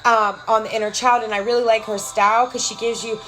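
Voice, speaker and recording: A woman hosting a casual live stream from home, talking in an excited, profane, motivational way and greeting viewers by name. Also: on the high side, fast talker. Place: home, with a cat nearby.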